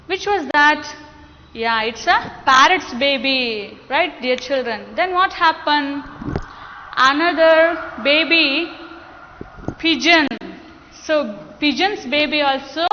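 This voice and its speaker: A woman teacher with an Indian English accent, slowly explaining a lesson to children and coaxing the class with questions. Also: high voice, expressive, slight background noise. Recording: dull lo-fi sound with long echo.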